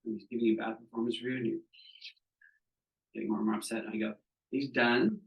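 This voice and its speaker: A man's voice: mid-range voice, fairly even intonation, quick pace, dull audio. A man from Southeast Florida who teaches a training group and acts out the people in his stories, often asking "right?". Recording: echoey room, mic at a distance.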